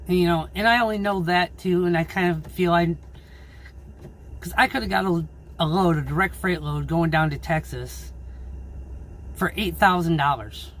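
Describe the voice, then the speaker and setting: A man who drives his own truck, ranting angrily and swearing in a casual vlog about low freight rates. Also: normal speed, pauses often, a bit bright, slight background noise. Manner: angry, swearing, frustrated. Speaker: owner-operator truck driver.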